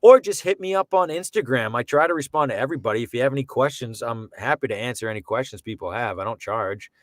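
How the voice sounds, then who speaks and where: Boston voice actor guest, quick and blunt, dry close sound, mid pitch. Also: male voice, expressive, no echo. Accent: Boston, comes and goes. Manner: blunt, swears casually, acts out quotes. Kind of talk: casual interview chat.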